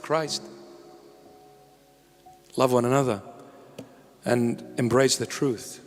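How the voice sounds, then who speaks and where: Male bishop, earnest sermon with joking asides; higher-pitched man, faint music behind. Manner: impassioned, pleading, with joking asides. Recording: long hall reverb with faint music.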